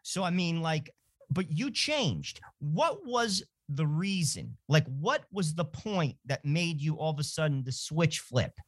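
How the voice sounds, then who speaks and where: Lively-voiced man co-hosting radio. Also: fairly high pitch, unhurried, no echo, studio quality. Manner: conversational, lively questioning with fillers. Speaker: radio co-host. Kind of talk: radio interview questions.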